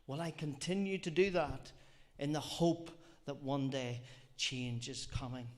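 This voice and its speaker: A man's voice: medium pitch, fairly even intonation, a little slow, darkish tone. A man preaching a sermon, earnest and reflective, often repeating phrases and asking rhetorical questions. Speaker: lay preacher.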